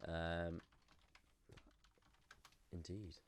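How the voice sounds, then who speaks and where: Lower-voiced man in casual political chat. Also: level tone, very slow, slight background noise. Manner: laughs while telling stories, short agreeing replies. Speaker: radio show co-host.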